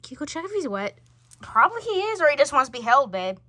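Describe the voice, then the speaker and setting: A woman's voice: high-pitched, sing-song, fast, pushed and bright, dry recording. A woman telling a homemade family role-play, switching between character voices for each family member. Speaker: storyteller voicing all characters.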